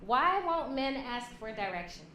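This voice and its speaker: Animated woman giving a joking workshop talk. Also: a little high, a little slow. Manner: joking and animated, acts out quoted voices. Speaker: speaker addressing a women's leadership class. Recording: echoey room, faint hum.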